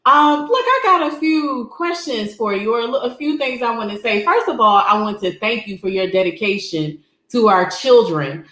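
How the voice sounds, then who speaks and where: A woman's voice: fairly high pitch, expressive, normal speed, pushed and bright. A woman hosting an online show, thanking and questioning a guest teacher with casual fillers. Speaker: host. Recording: echoey room.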